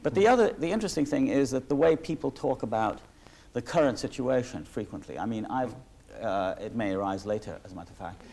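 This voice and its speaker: In a 1986 archival talk recording, a man is interviewed in a reflective conversation, speaking in long, discursive sentences with frequent restarts and asides. His medium-pitched voice is gravelly and a little mellow, brisk, with lively intonation.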